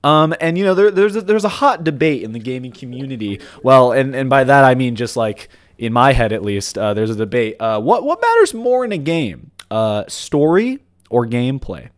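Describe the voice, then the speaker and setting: A man's voice: medium pitch, big pitch swings, moderate pace, hardly any pauses, no echo. Young guy podcast host, rambly, keeps restarting, dry close sound. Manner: rambling, restarts a lot, laughs easily. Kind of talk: casual chat.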